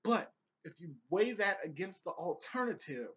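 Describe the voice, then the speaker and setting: A man's voice: high voice, expressive, moderate pace, a bit bright, husky, muffled recording. A young man giving casual, profane, rambling commentary on a TV episode he just watched, with laughing asides. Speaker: vlogger reviewing a TV episode.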